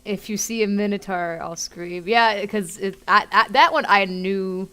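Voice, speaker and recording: A woman's voice: medium pitch, unhurried, sharp tone. A woman streamer giving chatty, casual live commentary while playing a game, musing aloud.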